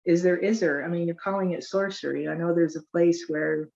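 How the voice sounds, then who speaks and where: A woman's voice: on the low side, steady tone, a little fast, gravelly, a little mellow, muffled recording, a little hiss or hum. A woman hosting a conversation, eager and chatty as she tells stories and asks questions. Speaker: host. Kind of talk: casual conversation.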